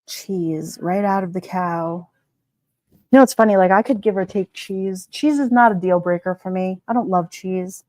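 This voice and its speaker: A woman hosting a casual livestream, reading viewer comments aloud and chatting about them in an animated way, laughing often. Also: lowish voice, moderate pace, dry recording. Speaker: livestream host.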